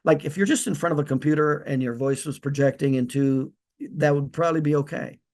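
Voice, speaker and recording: This practice consultant's voice is on the high side, a little fast and slightly mellow. In a casual training video, he gripping a lavalier like a handheld mic, he delivers direct instructions loosely with frequent restarts.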